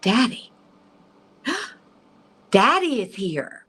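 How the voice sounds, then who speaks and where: A woman's voice: high-pitched, lively intonation, fast, voice pushed up. A woman quoting an awestruck dying old man. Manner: breathless, wondering exclamations. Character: frail old dying father, awestruck and joyful.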